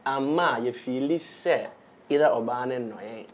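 A man's voice: medium pitch, takes it slowly, a crowd in the background. A man with a Ghanaian accent talking on a podcast panel, mixing English and Twi in a rambling way. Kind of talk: casual panel discussion.

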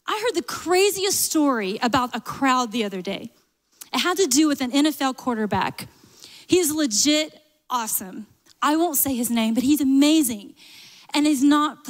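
Southern woman pastor, high bright voice, lively preaching, long hall echo. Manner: lively, animated preaching with humor and asides. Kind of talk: sermon. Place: church sanctuary.

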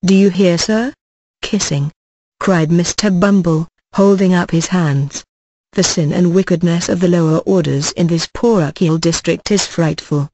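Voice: medium pitch, a little slow, darkish tone, no echo. A reader voicing a pompous, stern middle-aged male parish beadle who blusters with indignation. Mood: indignant.

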